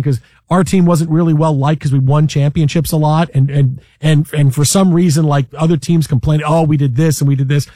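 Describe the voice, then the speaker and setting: Brief: high-pitched male sports radio host, animated storyteller, dry close mic. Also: brisk, few pauses, no echo. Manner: animated storyteller, acts out quotes, shouts when excited. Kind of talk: casual sports talk.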